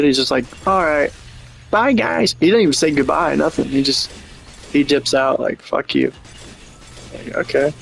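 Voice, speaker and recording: A man's voice: a little high, slight background noise. A man streaming a game and chatting casually, rambling and joking, swearing freely. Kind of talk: casual livestream chat.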